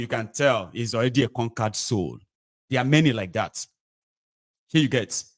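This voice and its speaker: A man with a Nigerian accent delivers scornful political commentary at a mid pitch, recorded dry and close with no room sound. He mocks as he goes and slides between English, Pidgin and Yoruba. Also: no echo. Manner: sarcastic, mocking, mixes English, Pidgin and Yoruba.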